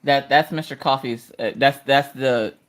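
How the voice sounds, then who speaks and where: A woman's voice: a bass voice, normal speed. A woman hosting a casual crafting livestream, chatting and telling stories with frequent laughter. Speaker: livestream host.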